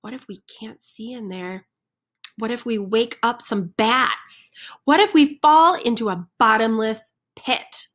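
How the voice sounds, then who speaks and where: A woman's voice: a little high, lively intonation, unhurried, a bit bright. A woman voicing a flock of timid, fretful chickens in a picture-book reading, with anxious rising questions. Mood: worried.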